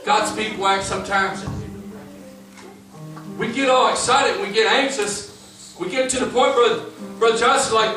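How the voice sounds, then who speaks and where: A pastor preaches a casual, folksy sermon in a church sanctuary, telling stories and acting out the voices of the people in them. His voice sits high and moves at normal speed. The church is echoey, the mic distant, and music plays behind him.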